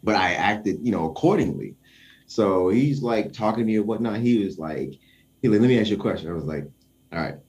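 A man's voice: fairly low pitch, lively intonation, a little fast, darkish tone. A young man telling a story in casual conversation, acting out the quoted voices and chuckling often.

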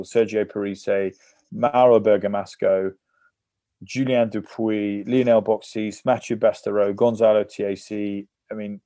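Man with a low, dry voice. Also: no room sound. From England. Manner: lively anecdotal storytelling. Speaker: guest, former rugby player. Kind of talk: casual podcast interview.

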